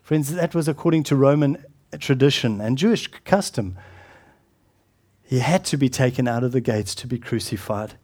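A middle-aged man preaching a sermon as pastor, earnest and often dropping to a hushed, solemn tone, with halting restarts. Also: mid-range voice.

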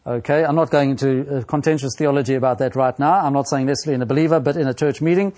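A male preacher giving an expository sermon, speaking slowly and deliberately with frequent pauses and fillers, and quoting scripture in a raised, animated voice. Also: mid-range voice.

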